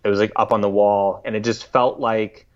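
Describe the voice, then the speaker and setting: A man in his thirties from the United States, a podcast guest recalling a story in a halting, reflective way, often restarting his sentences. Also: lowish voice, level tone. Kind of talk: casual interview storytelling. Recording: slightly dull lo-fi audio.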